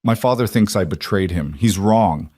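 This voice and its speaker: A man's voice: deep voice, animated, normal speed, warm tone, husky, dry recording, studio quality. A man voicing a beaten young man, a mobster's son, speaking strained and anguished.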